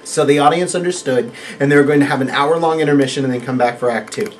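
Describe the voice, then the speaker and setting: A man's voice: a little high, fast, a little hiss or hum. A man telling a long story in casual chat, acting out the voices of the people in it. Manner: lively, acts out quoted voices. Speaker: guest actor telling a story.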